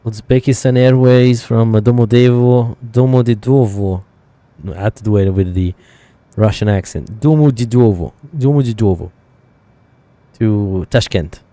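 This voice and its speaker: Mellow, low-voiced man musing over flights. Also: fairly even intonation, moderate pace, no room sound. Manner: thinking aloud, rambling with fillers and self-corrections. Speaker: flight sim streamer. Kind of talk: casual live-stream chat.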